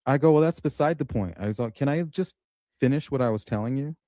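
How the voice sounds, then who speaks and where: A man recounts a story in casual conversation, voicing each person he talks about. His tone is mellow and dark, with a dry, close sound. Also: medium pitch, fast, dry recording. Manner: animated retelling, acts out dialogue.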